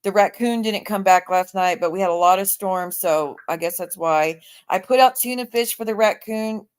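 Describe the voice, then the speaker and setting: A woman's voice: mid-range voice, normal speed, clean tone. A woman hosting a livestream, delivering a heated, profane rant and sounding tired. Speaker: livestream host.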